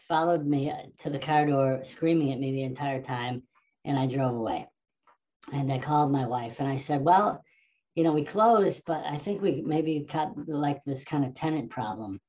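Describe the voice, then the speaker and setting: Animated swearing man, mellow voice. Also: medium pitch. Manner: animated, swears freely, acts out quotes. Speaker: storyteller. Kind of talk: casual anecdote.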